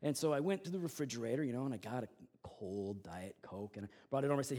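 A man preaching a sermon, telling a personal story in an animated way before turning to scripture. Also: mid-range voice, fast talker. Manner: animated storytelling with voiced quotes. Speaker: pastor.

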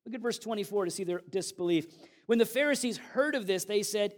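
Animated high-voiced man preaching. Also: a little fast. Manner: animated, conversational preaching with dramatic Bible readings. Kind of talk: sermon.

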